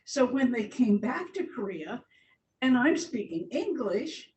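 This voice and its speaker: A woman's voice: big pitch swings, unhurried, a little mellow. An older woman giving a chatty, informal talk about her slides as a church guest speaker, laughing often. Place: large church hall. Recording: echoey hall, distant mic, faint rumble.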